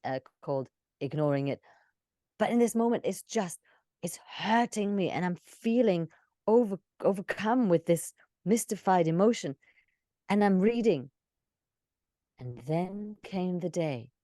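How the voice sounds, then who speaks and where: Female storytelling coach; deep mellow tone, expressive demos. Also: no echo, clean studio sound. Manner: expressive, shifting between demonstration and instruction. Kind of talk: live coaching session, demonstrating storytelling.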